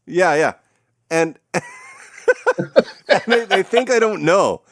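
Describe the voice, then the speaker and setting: Animated man telling a teaching story. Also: high voice, extremely slow, no echo. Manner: animated, laughing, casual swearing. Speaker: guest, music teacher and former touring musician. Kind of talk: casual storytelling in a conversation.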